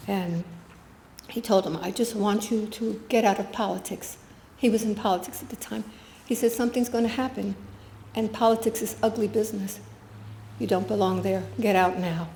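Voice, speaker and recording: A woman's voice: mid-range voice, fairly even intonation, moderate pace, warm tone, slight background noise. An older woman giving a guest talk, earnestly telling a personal story with quoted dialogue. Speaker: guest speaker. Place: spiritual center meeting room. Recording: echoey room with faint ambience.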